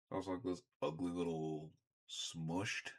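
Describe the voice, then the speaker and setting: A young man with a very deep voice talks through a toy unboxing in a loose, rambling way. He keeps stopping to clear his throat and tacks on asides as he goes. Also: flat delivery, a little slow. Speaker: toy reviewer. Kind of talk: casual unboxing review.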